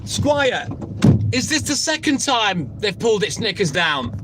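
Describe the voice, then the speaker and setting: Casual live-stream host, man, high-pitched, swears and banters with viewers, loud traffic noise behind. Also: sing-song, a little slow. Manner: chatty, swearing, teasing viewers by name. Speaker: livestream host.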